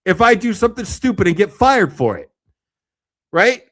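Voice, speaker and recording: Sarcastic guy ranting, swears a lot, kinda high voice. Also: big pitch swings, moderate pace, a bit bright. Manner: profane, sarcastic, exasperated. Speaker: commentator. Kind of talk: casual ranting commentary.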